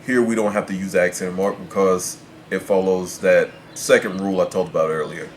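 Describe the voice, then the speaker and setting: A man's voice: low voice, steady tone, fairly quick, a little hiss or hum. A man teaching as a Spanish tutor, patiently explaining rules and spelling words out letter by letter.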